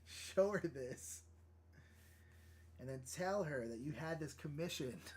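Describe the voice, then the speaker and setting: A man's voice: a little high, breathy edge. A young man chatting casually on a live stream while drawing, thinking aloud and laughing often. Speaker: livestream artist.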